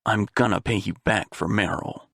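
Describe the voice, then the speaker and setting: Snake, a man doing a gravelly, gruff soldier. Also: sing-song, moderate pace, dry recording, studio quality, heavily acted. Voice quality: gravelly, low. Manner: blunt, terse, snarling. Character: grim, hardened male soldier, gruff and blunt. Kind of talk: audiobook character voice.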